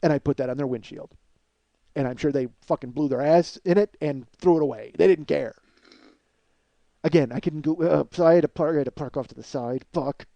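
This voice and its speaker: A man hosting a comedy podcast, delivering a profane, exasperated rant that swings between loud outbursts and low muttering. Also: brisk, creaky, no echo, muffled recording. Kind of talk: ranting comedic monologue.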